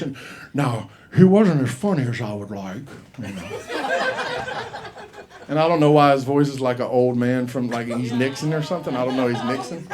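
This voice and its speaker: Holding a handheld mic in a comedy club, a man hosts an open mic and drifts through a loose set, swearing liberally and impersonating voices in his quoted bits. His voice is medium in pitch, a little mellow, and brisk.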